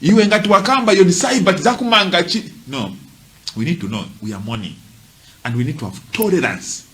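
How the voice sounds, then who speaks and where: A man's voice: high voice, lively intonation, fairly quick, sharp tone. A man giving emphatic, impassioned commentary, repeating his points and throwing in rhetorical asides. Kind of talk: impassioned commentary, mixing languages.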